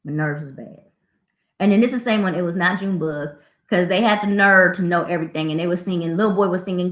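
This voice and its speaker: A woman who works as a school administrator, hosting a casual show and telling stories in a snarky, animated way. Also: medium pitch, quick pace. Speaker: podcast host, school administrator. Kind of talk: casual storytelling. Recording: roomy echo.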